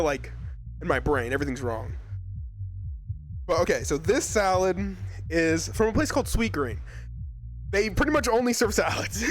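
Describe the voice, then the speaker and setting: A man's voice: high-pitched, a bit bright. A young man from Arizona chatting casually with his live chat as a streamer, rambling and laughing often.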